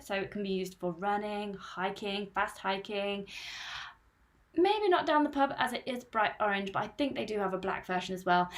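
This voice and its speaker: A chatty woman in her thirties hosts a live stream from home, talking straight into her camera mic. Her voice sits at an ordinary middle pitch, neither high nor low. She rattles on in an upbeat, casual way and keeps reading out comments from her viewers. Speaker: host of a running channel live stream.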